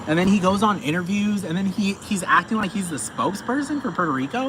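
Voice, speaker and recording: A man's voice: sits high, animated, fast talker, hardly any pauses, fairly bright tone. A man ranting profanely and emphatically, repeating himself as he talks. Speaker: commentator. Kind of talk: ranting monologue. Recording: noisy with vehicle sounds behind.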